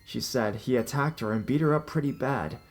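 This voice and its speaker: A man reading a first-person horror story aloud, telling it in an expressive way with small restarts. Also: medium pitch, a little fast, soft background music.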